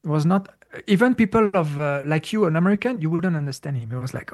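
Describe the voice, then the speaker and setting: A man telling a spiritual story in a casual interview, halting and repeating words, with many fillers. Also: on the high side, lively intonation, darkish tone.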